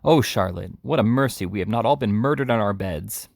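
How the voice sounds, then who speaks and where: A man's voice: lowish voice, animated, a little fast, creaky, a little mellow, dry recording, clean studio sound. A man voicing a flustered, fearful middle-aged housewife in a storybook reading. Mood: fretful. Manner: fretful, fussing.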